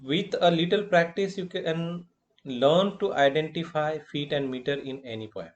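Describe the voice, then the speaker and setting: A male college lecturer with an Indian English accent gives a recorded lesson. He talks slowly and deliberately, repeats key terms, and often adds filler phrases. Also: fairly high pitch, muffled recording.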